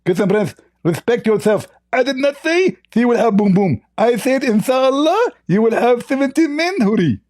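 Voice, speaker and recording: A man's voice: very high-pitched, animated, normal speed, few pauses, a little mellow, no room sound, clean studio sound, pitched above the performer's own voice. A man doing a mocking impression of an indignant male preacher, whiny and defensive. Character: indignant, squeaky male preacher under mockery.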